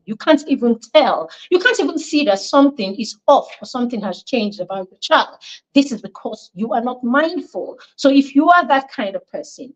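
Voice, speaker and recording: A woman's voice: on the high side, lo-fi sound. Emphatic woman teaching a parenting class. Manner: emphatic, repeats points and asks the listeners questions. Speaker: parenting coach.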